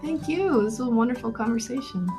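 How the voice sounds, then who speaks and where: A woman's voice: on the high side, fast, over music. A woman documentary filmmaker being interviewed on radio, talking thoughtfully with many fillers and restarts.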